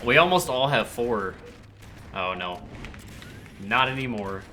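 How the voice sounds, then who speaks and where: Excitable swearing male gamer. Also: medium pitch, slow, slight background noise. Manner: excitable, swears often, yells at other players. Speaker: gamer streamer. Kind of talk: live gameplay commentary.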